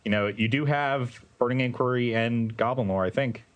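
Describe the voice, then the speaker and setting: A man's voice: mid-range voice, normal speed. A man chatting casually on a live stream, explaining plays in a laid-back way. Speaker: commentator.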